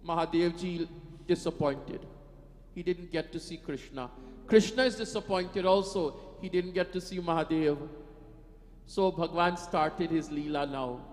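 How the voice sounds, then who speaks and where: High-voiced man preaching in a hall. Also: unhurried. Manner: emphatic, sings devotional lines between speech. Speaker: katha preacher. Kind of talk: devotional sermon with sung bhajans. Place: temple hall.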